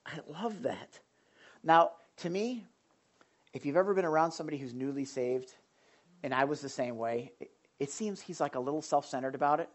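A woman preaching a sermon in an animated, conversational way, full of emphatic asides to the congregation. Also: sits low, moderate pace.

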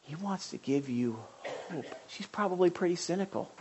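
A man's voice: high voice, animated, moderate pace, slight background noise. Impassioned male pastor preaching. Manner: impassioned, emphatic and repetitive. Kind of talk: sermon.

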